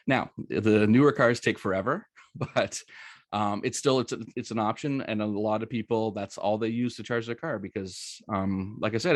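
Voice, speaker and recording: A man's voice: fairly low pitch, no room sound. A middle-aged man from Canada giving a casual, chatty presentation full of ums and asides. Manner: chatty, anecdotal, many ums and rights.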